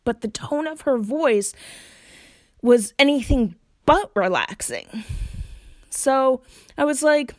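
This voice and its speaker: Slow, hesitant woman musing aloud. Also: high voice, expressive, a little mellow, no room sound, clean studio sound. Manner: hesitant, searching for words with many fillers. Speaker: solo vlogger giving spiritual practice tips. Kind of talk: casual reflective talk to camera.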